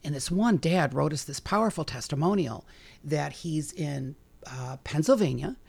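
Gravelly woman chatting animatedly. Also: low-pitched. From Chicago, USA. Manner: chatty and animated, quick asides, frequent fillers. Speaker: guest, bug repellent maker. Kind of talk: casual interview talk.

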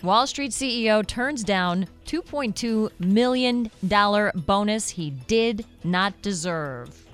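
A woman's voice: medium pitch, expressive, slow, soft background music. Bantering radio co-host woman. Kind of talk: radio quiz co-hosting.

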